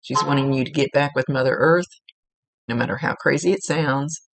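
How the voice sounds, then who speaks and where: Psychic medium, woman, earnest and chatty, gravelly voice, dry close sound. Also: a bass voice, moderate pace, dry recording. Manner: earnest, chatty, repeats for emphasis. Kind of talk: spirit reading, relaying messages.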